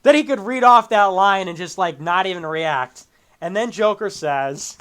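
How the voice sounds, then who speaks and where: Reacting to a video on his livestream, this host rants and ridicules it, laughing and leaning hard on exaggerated emphasis. His voice sits high and a bit bright, with lively intonation at normal speed, and he broadcasts from a home setup with a green screen.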